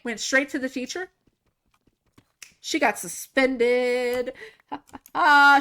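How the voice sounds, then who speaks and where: Bright-voiced young woman streamer, rambling. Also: a little high. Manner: rambling and animated, laughs and swears often. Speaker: livestreamer. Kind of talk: casual storytelling while gaming.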